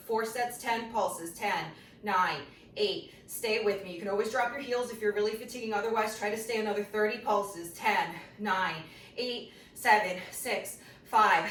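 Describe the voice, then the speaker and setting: A woman's voice: mid-range voice, fairly bright tone. Slightly breathless woman counting reps in a roomy space. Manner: counts reps and cues encouragingly while exercising. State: a little out of breath. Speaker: fitness instructor. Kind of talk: guided workout class instruction. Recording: roomy sound from a distant mic with faint noise.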